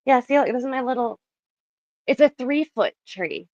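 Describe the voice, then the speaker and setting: A woman's voice: sits high, expressive, normal speed, darkish tone, dry recording, highs cut off. A Canadian woman in her thirties chatting casually with viewers on a live stream, rambling, laughing often and swearing now and then. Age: 30s.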